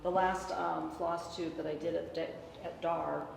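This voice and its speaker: A woman's voice: on the low side, level tone, unhurried, gravelly, a crowd in the background. A woman host in an interview, chiming in with affirming comments. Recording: roomy hall with background noise.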